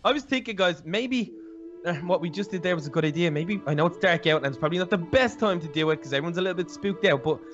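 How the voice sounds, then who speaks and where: A man playing a Minecraft role-play, talking fast and goofing while planning aloud. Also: high voice, a bit bright, highs cut off, soft background music. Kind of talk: joking in-character chat.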